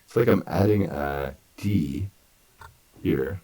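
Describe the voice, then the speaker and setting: A man teaching an English grammar lesson, repeating words slowly and breaking sentences into parts. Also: very deep voice, expressive, vocal fry, a little mellow, slightly rough, rough recording. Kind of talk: slow, deliberate grammar lesson.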